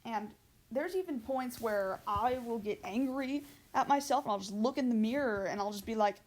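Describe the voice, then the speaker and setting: A woman YouTuber in a confessional vlog, talking in an earnest, emotional, self-critical way with halting pauses and restarts. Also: on the high side.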